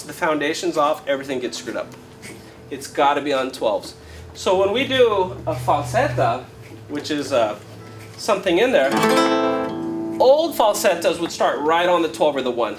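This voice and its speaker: A man who plays flamenco guitar, teaching a workshop in a casual, animated way, telling stories and counting beats aloud to a live audience. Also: a little high. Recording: guitar playing clearly heard behind voice.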